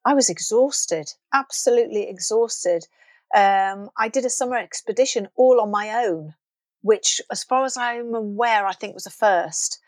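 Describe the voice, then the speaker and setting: A woman's voice: medium pitch, unhurried, dry recording. A middle-aged woman, a guest in an interview, telling stories animatedly and acting out the lines of people she quotes. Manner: animated storytelling, acts out quoted dialogue. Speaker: guest, former children's TV presenter. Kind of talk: reminiscing interview chat.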